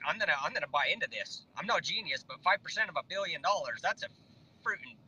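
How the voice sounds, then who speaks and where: A man tells a story in a casual, animated way, slipping into the voices of people he quotes. His voice is very bright and forceful, sitting a little high for a man, with faint noise behind him. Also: fast talker, rough recording. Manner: animated, impulsive storyteller quoting others. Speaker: network marketing distributor. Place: Facebook Live broadcast.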